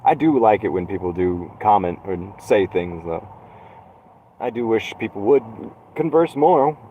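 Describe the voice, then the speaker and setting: Young male streamer, lowish voice, dry sarcastic ramble with swearing, thin phone-line sound. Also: expressive, unhurried, slight background noise. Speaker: live streamer. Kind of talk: rambling solo live stream. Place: inside a van.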